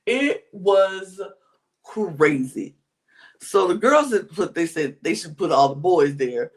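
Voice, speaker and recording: Recapping a reality show in easygoing conversation, the podcast co-host performs other people's lines, now and then in a whisper, and lets colloquial exclamations drag out. The pitch is medium and the delivery expressive.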